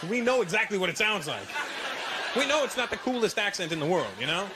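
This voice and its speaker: A man with a Canadian accent doing a brash, animated stand-up comedy routine on stage. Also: high voice, quick pace. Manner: brash, animated, mock-confidential. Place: stage before a live audience. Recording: loud noisy live stage recording.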